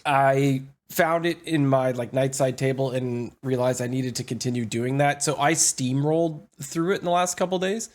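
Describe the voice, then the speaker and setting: Mid-pitched guy hosting a podcast, easygoing and excited, casual chat. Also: normal speed, few pauses. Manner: easygoing, enthusiastic about books. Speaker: podcast host.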